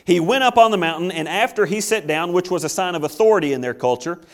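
A man's voice: sits high, quick pace. A male pastor preaching a sermon with an emphatic, repetitive cadence.

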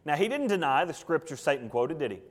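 A man's voice: fairly high pitch, very animated, fast. A man pastor preaching a sermon, emphatic and full of rhetorical questions.

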